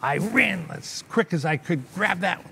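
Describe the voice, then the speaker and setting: An older man telling a long, animated story in a sit-down interview, acting out the voices of the people in it and often checking in with "okay?". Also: sits high, measured pace, a little hiss or hum. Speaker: interview guest, business owner.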